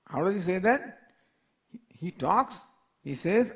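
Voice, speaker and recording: A man's voice: on the high side, expressive. An older man, a spiritual teacher, giving a scripture class lecture, reciting verses and asking repeated questions. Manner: slow, repetitive questioning, reciting Sanskrit verses.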